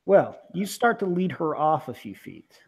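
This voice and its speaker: A man's voice: on the high side, very animated, unhurried, gravelly, slightly rough. A man running a tabletop game as game master. He narrates in a casual, vivid way with a slightly raised voice.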